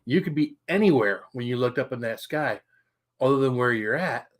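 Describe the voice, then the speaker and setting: A man's voice: mid-range voice, expressive, moderate pace. Rambling middle-aged man hosting a live stream. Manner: rambling, chatty, greets viewers mid-story; colorful swearing. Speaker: livestream host. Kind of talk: casual live-stream storytelling.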